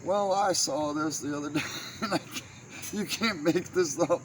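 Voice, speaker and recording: A man tells funny family stories at an unhurried pace in a somewhat high voice, wandering off track and chuckling at his own jokes. Steady noise runs under the recording. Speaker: comedian telling stories. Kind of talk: casual storytelling monologue. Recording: noisy background.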